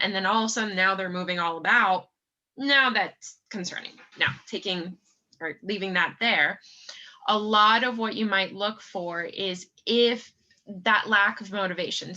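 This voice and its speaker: A woman psychologist explaining calmly on a video call panel. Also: medium pitch, dull audio. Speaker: psychologist guest.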